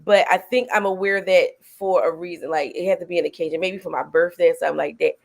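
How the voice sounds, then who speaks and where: A woman hosting a film reaction show, chatting casually and excitably, laughing often and using slang. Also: fairly low pitch, fast talker, vocal fry.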